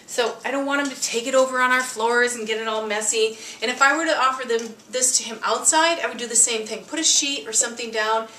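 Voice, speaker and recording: A chatty woman dog trainer talks through a casual demonstration with a bright, forceful voice. She is a little high and sits well back from the mic. Her voice rings around an echoey kitchen with faint noise behind. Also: brisk, hardly any pauses. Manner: chatty and upbeat, with frequent asides. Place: home kitchen. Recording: echoey room, distant mic.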